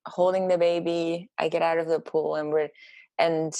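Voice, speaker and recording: A woman sharing a personal story in casual conversation, animated and halting, with many fillers. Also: low-pitched, dry recording. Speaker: podcast guest.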